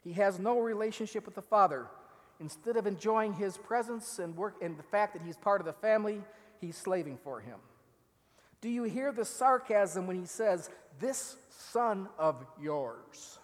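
A man with a fairly high voice delivers a sermon in what sounds like a church sanctuary. He acts out the quoted words with mounting force, then falls to a hush to drive a point home. Long reverb from the large room trails each phrase. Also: moderate pace. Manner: animated, acts out quoted lines, drops to near-whisper for emphasis. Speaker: preacher.

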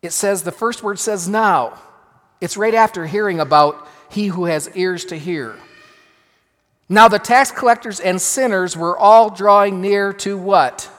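A man, a pastor, preaching a sermon with emphatic swings between loud and hushed delivery. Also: high-pitched, measured pace. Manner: emphatic, dramatic shifts in loudness. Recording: long reverb of a large hall.

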